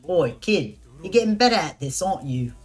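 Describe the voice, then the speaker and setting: A streamer voicing a gruff, swaggering pirate sailor with a rough drawl, reading game dialogue. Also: mid-range voice, very animated, moderate pace, a little mellow, faint music behind, natural voice.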